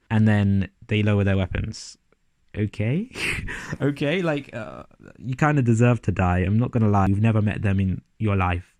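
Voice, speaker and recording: A man's voice: medium pitch, animated, moderate pace, darkish tone, no room sound. A man giving a casual, sarcastic and profane review of a TV episode.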